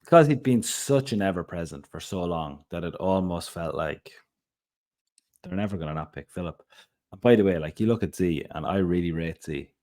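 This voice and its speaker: Deep voiced guy rambling on a podcast, lots of ums and tangents. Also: animated, moderate pace, a little mellow. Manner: rambling, chatty, many fillers and asides. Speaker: podcast co-host. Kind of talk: casual chat.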